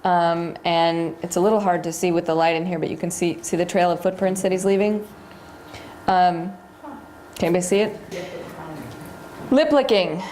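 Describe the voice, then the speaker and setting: A woman's voice: on the low side, fairly even intonation, normal speed, pauses often, a little mellow, slight background noise. A woman giving a live seminar lecture to a room of listeners, talking them through video clips in a chatty way and quizzing them as she goes. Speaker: seminar instructor.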